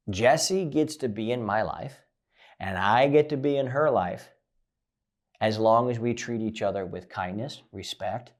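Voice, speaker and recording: A man giving a blunt, profane coaching monologue about relationships, swinging from loud emphasis to low, quiet lines.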